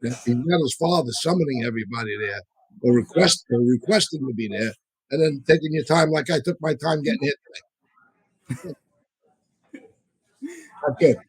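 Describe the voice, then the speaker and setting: Husky man, dry close sound, rambling storyteller with restarts, casual and profane. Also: mid-range voice, animated, moderate pace, pauses often, no echo, low-quality recording. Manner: rambling, frequent restarts and asides. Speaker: podcast co-host and storyteller. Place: live audience show.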